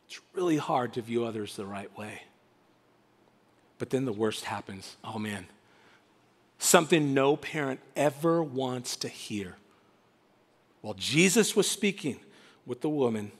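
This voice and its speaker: A male pastor preaching a sermon, animated and emphatic, with dramatic pauses. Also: medium pitch, husky. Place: church sanctuary. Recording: reverberant church hall.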